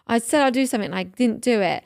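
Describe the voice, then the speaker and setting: A woman's voice: a little high, expressive, fast talker, vocal fry, a little mellow, no room sound, studio quality. A woman in her thirties, co-hosting a podcast and telling a story in casual chat, full of fillers and emotion. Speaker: podcast co-host.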